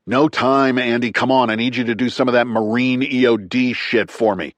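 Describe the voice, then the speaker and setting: A man's voice: mid-range voice, fairly even intonation, moderate pace, fairly bright tone, dry recording, lightly acted. A man voicing a tough former military man who talks in clipped, urgent, profane bursts. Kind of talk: audiobook character reading.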